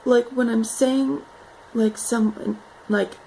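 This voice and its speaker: A young woman from North Carolina talks slowly and loosely in a casual accent challenge vlog, relaxed and rambling, with frequent "like" and "um". Her voice is a little high yet dark and mellow, with gravelly fry at phrase ends. The low-quality home recording carries a faint hiss.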